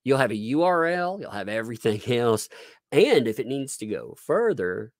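A middle-aged man delivers sarcastic live-stream commentary as he reads court documents, adding chuckling asides and often restarting his sentences. His mid-range voice moves through big pitch swings at a normal speed, captured in studio quality with no echo.

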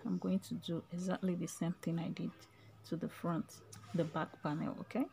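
A woman's voice: lowish voice, flat delivery, normal speed, gravelly, mellow, slight background noise. A woman giving a casual step-by-step sewing tutorial, chatty and often checking in with "okay?", her voice breaking into a whisper at times.

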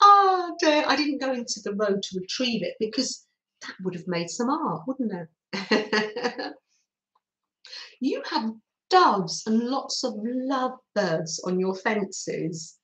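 A woman hosting a live craft stream, chatting warmly with viewers and giggling often. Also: a little high, big pitch swings, slow pace, pauses often, echoey room, low-quality recording. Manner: chatty, giggly, talks through snacking. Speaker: livestream host reading viewer comments.

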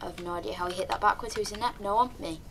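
A young woman, chatting through live gameplay commentary with sudden excited yelps and calls to her teammates. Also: mid-range voice, racing, faint music behind. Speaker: streamer.

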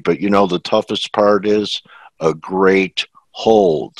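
A man's voice: lowish voice, very animated, slow, creaky, no room sound, poor audio. A man hosting a casual interview, chatty and reminiscing with his guest. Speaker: host.

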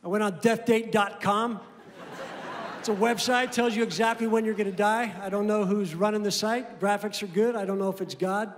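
Deadpan male stand-up with a very high voice, recorded live in a reverberant club with audible room noise. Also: moderate pace. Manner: deadpan storytelling, acting out both sides of phone calls. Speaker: stand-up comedian. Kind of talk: stand-up comedy set. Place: comedy club stage. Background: audience laughter and room ambience.

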